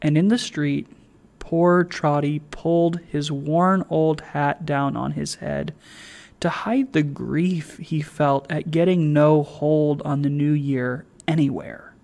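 A man on a library staff reading a classic novel aloud in a slow, measured narration. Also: a little high, fairly even intonation, vocal fry, darkish tone.

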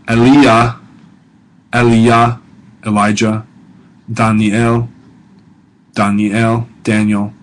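A middle-aged man lectures as a professor. He speaks slowly in a somewhat low voice, repeating each word and explaining it with deliberate care. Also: steady tone, fairly bright tone, low-quality recording. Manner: slow, deliberate, repeats words and explains them. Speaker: professor teaching a language course. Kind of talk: recorded lecture.

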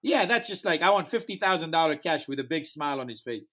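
Man, festival founder, slightly higher voice; lively interview storyteller who acts out the dialogue, slight non-native phrasing. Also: quick pace. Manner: animated, acts out quoted dialogue.

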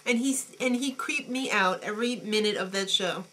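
A woman's voice: medium pitch, normal speed, pushed and bright. A woman co-hosting a casual chat, snarky and gossipy, often giggling. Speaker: co-host.

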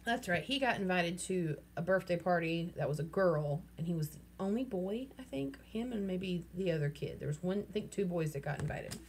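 A woman's voice: on the low side, normal speed, few pauses, slight background noise. A woman reading a children's novel aloud and casually stopping to explain the story. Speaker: reader.

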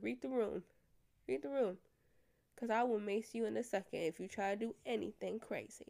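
A woman's voice: medium pitch, darkish tone. Young woman host, AAVE, sassy and blunt, laughs a lot, casual monologue. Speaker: podcast host. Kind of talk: casual chat.

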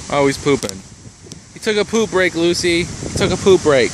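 A man's voice: on the high side, moderate pace, vocal fry, a little hiss or hum. A young man filming his dogs outdoors, cheering them on and laughing, with casual swearing. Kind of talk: casual commentary while filming pets.

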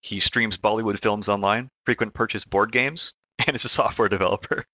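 Low bright-voiced man chatting casually. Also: fairly quick, dry recording. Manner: relaxed, hesitant, laughs often. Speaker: game developer guest. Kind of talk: casual podcast chat.

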